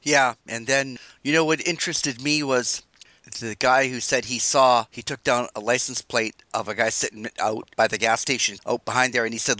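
A man's voice: mid-range voice, a little fast, sharp tone, dry recording. A man hosting an interview, asking questions in a loose, conversational, rambling way. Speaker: host.

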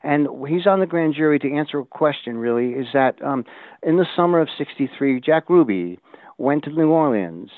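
An older man talking as an interview guest, rambling and restarting often, growing animated when he quotes others. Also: on the high side, moderate pace, no echo. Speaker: guest researcher. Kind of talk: casual interview talk. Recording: tinny phone line, dry.

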